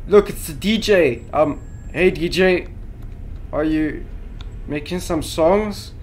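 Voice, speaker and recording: With a slightly high voice and a bit of hiss or hum in the recording, a young gaming YouTuber takes his time narrating a horror playthrough. He chats along, gets startled easily, yells at the scares, and keeps saying "yo."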